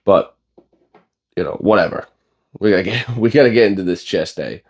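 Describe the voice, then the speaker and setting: A young man with a low voice gives a casual gym vlog rant. He is blunt and profane and wanders through fillers and restarts. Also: animated, normal speed, darkish tone. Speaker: bodybuilding vlogger.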